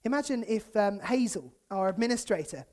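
A young man preaching a sermon in a church, in a lively, conversational way that acts out the people he quotes and chuckles often. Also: high-pitched, fairly quick. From United Kingdom.

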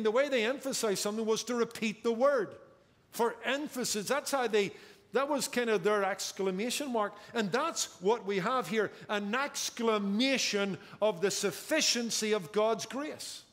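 A man's voice: high voice, normal speed, fairly bright tone. A man preaching a sermon as pastor, emphatic and drawing out key words for effect, recorded in a church sanctuary. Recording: church hall with long reverb.

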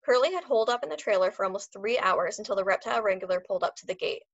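A woman reads a novel aloud for a class, lively in delivery and quick to slip into the characters. Her voice sits in a middle range, close and dry, with a slightly muffled, dull quality to the recording. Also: medium pitch, no echo. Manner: expressive, acts out characters. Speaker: teacher reading aloud.

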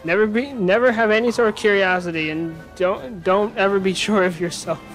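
A man does let's-play commentary on a racing video game, rambling through animated, self-mocking jokes while he plays at a fairly quick clip. His voice sits high for a man, and faint game music plays softly in the background.

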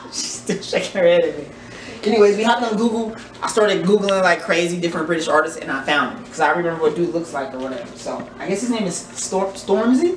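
A man hosting a casual reaction vlog, rambling and joking while putting on a playful fake accent. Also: sits high. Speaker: vlogger host. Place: family home. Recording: echoey room, distant mic, noisy.

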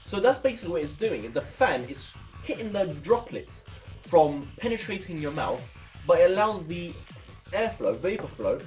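Animated, jokey man reviewing. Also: high voice, moderate pace, faint music behind. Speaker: vape product reviewer. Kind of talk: casual review chat.

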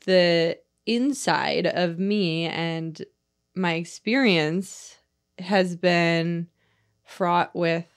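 A woman in her thirties hosts a candid chat, her voice sitting a little low. She talks frankly and mocks herself, swears freely and breaks into laughter often. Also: very slow, clean tone. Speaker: podcast host. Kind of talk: candid conversation.

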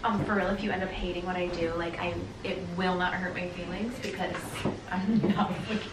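A woman's voice: lowish voice, fairly even intonation, a little fast. Laughing, swearing woman in an echoey room. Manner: laughs often, swears casually, self-deprecating. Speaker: friend styling the bride's hair. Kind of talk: casual chat. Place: indoors at a rental home. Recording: echoey room, distant mic, background noise.

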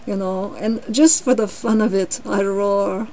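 A woman reading aloud and voicing a weary male zoo lion who complains loudly and slowly. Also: mid-range voice, fairly even intonation, a crowd in the background, natural voice, poor audio. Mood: insistent. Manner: loud, slow, drawn-out complaining.

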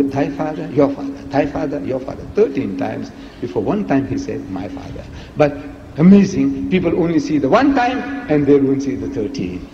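A man giving an emphatic public lecture, asking rhetorical questions with a lively, teasing delivery, heard on an archive recording. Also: mid-range voice, a little hiss or hum. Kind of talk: public lecture played in a reaction video. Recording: echoey hall, dull lo-fi archive recording.

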